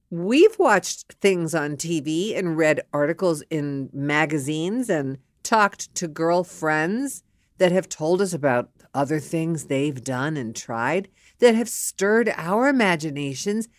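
A middle-aged woman host giving a frank monologue, candid and animated, who acts out both sides of a scene. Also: fairly low pitch, takes it slowly, no echo, clean studio sound.

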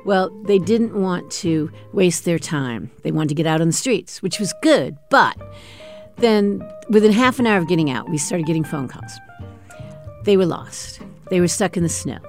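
Woman interviewee, lower voice, fond measured recollection. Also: lively intonation, faint music behind. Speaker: former campaign intern, interviewee.

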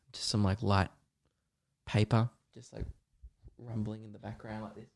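A man's voice: lowish voice, little pitch movement, slow pace, vocal fry. A young man hosting a podcast, rambling in a crude, joking way and acting out little scenes. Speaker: podcast host. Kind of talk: casual comedic monologue.

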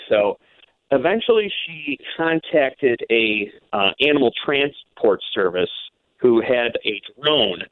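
A man's voice: medium pitch, no echo. A male radio producer, a guest on the show, tells a long story with many fillers and restarts. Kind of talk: phone interview storytelling. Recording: tinny dry phone line.

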